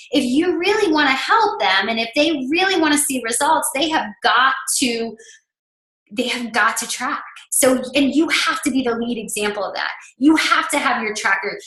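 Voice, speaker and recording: A woman's voice: high-pitched, sharp tone, echoey room, poor audio. A woman coach giving a presentation to other coaches, chatty and emphatic, peppering her talk with "like". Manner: chatty and emphatic, heavy use of "like".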